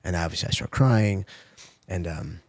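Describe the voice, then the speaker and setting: A man's voice: low-pitched, moderate pace. A man in his forties, a former fighter turned coach, telling candid, profane stories in an interview. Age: 40s. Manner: candid, profane, storytelling with quoted asides.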